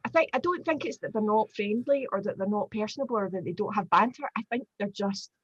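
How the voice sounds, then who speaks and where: A Glaswegian woman in her forties, a guest telling animated stories in a casual chat with lots of fillers. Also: medium pitch, quick pace, breathy edge, no echo, dull audio. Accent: Glaswegian Scottish. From Glasgow, Scotland. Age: 40s. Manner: animated storyteller, chatty with many fillers.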